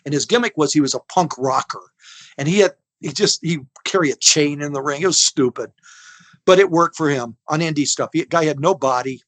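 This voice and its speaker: A man's voice: fairly high pitch, brisk, dry recording. A man in his sixties, an interview guest telling stories in a folksy, rambling way and acting out the people in them. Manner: animated storyteller who acts out other people's lines; folksy, rambling, with restarts and laughter. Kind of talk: casual storytelling.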